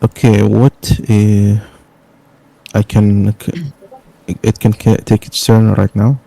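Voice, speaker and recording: A man at the game table speaks haltingly, stopping often to gather his words. His low voice is gravelly and dark, with a flat, level delivery. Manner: halting, many filler pauses. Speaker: player. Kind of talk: casual tabletop game chat.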